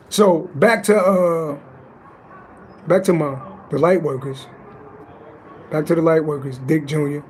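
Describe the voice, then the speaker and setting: A man's voice: a little high, fairly even intonation, a little slow, long pauses, darkish tone, slightly rough. A man hosting a live psychic stream, trading playful rhyming roasts and reading a spiritual text aloud. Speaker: livestream psychic reader.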